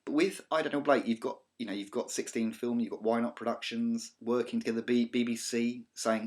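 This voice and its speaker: A man with a southern English accent, from Britain, teaches college media over slides in a recorded lecture, using a mid-range voice at a moderate pace with few pauses. Though chatty and digressive with many ums and restarts, he also has a slight cough.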